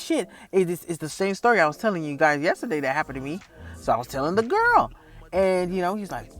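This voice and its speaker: A man telling a story in a casual, profane vlog rant and laughing often. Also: sits high. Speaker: vlogger.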